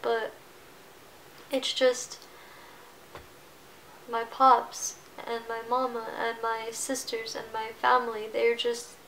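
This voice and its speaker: A woman in her twenties speaks to camera in a fairly high voice, halting and emotional, often breaking off and starting over. A faint hum sits under the recording. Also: a bit bright, low-quality recording. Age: 20s. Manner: halting, emotional, many restarts. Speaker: vlogger. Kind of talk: personal vlog confession.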